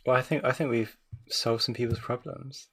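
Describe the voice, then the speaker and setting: A man co-hosting a casual podcast, giggling and tossing off deadpan dark jokes. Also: mid-range voice, normal speed, creaky, husky. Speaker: podcast co-host.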